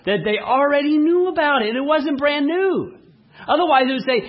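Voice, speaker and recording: A man preaching a sermon, asking the congregation questions and telling lively everyday stories. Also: very high-pitched, a little fast, husky, lo-fi sound. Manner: asks the audience rhetorical questions, animated storytelling. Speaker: pastor.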